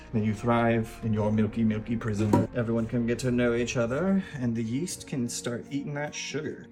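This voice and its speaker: A man hosting a casual home cooking vlog from his kitchen, narrating each step with wry, self-deprecating jokes. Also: medium pitch. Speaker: home cooking show host.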